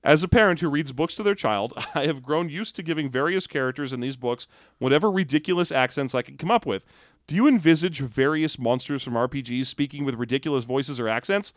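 A man's voice: medium pitch, fairly quick, no room sound, clean studio sound. A man co-hosting a comedy podcast, joking and laughing often as he reads listener questions. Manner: jokey, laughs often, slips into silly voices. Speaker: podcast co-host. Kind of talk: casual comedic chat.

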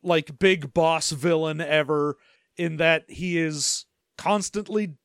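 A man's voice: fairly high pitch, steady tone, takes it slowly, fairly bright tone, clear, resonant tone, no echo, studio quality. A man co-hosting a casual movie-review chat, wry and joking, laughing along. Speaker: podcast co-host.

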